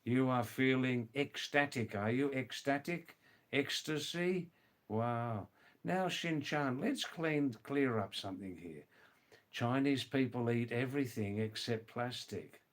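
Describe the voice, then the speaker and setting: Slow-talking Australian man hosting a live stream. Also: mid-range voice. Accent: mild Australian. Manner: slow, repeats key words, explains to viewers. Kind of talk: casual live chat explaining language.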